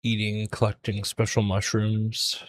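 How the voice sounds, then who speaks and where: A man's voice: on the low side, completely flat delivery, a little slow. A young man streaming a drawing session, rambling through a casual story with lots of fillers. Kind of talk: casual chat while drawing.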